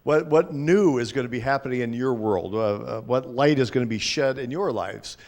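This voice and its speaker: Chatty, halting man pastor. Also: mid-range voice, a little mellow. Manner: chatty, halting, with frequent restarts and "uh". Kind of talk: informal sermon with congregation sharing. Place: church sanctuary.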